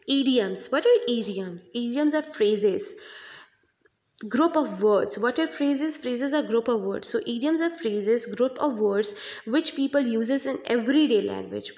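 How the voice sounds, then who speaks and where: A woman's voice: fairly high pitch, darkish tone, rough recording. A woman English teacher with a Pakistani accent, giving an online revision lesson and explaining step by step, asking and answering her own questions.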